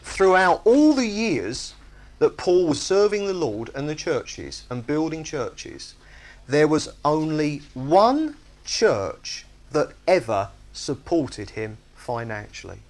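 A man's voice: a little high, slow pace. A man preaching a sermon, emphatic and conversational, often asking his listeners whether they see his point. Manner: animated, emphatic, asks the congregation "you see?".

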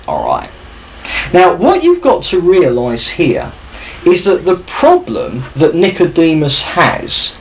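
A man teaching from the Bible in a lively, conversational way, often checking in with his listeners. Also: on the high side, rough recording. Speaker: preacher.

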